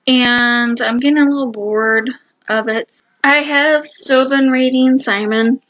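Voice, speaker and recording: A woman giving casual reading-vlog check-ins, excitable and gushing, often repeating herself. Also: fairly high pitch, no room sound, highs cut off. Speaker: booktuber.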